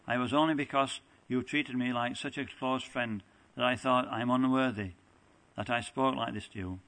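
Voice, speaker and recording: A lovesick young goddess begs her beloved not to leave her, her words carried by a plain, earnest reading voice of middling pitch, as a man reads her part aloud. It is a scripture recitation, not stage acting. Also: steady tone, moderate pace, fairly bright tone, lightly acted, low-quality recording. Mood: pleading.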